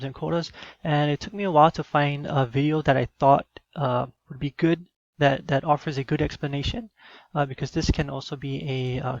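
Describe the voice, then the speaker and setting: A man's voice: on the high side, gravelly, no echo, highs cut off. A man giving a recorded teaching demo, explaining in an instructional way with some fillers.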